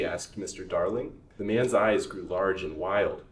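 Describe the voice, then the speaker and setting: A man reading a serialized novel aloud as a storyteller, in a measured, steady way. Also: deep voice. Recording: roomy recording from a distance, faint hiss.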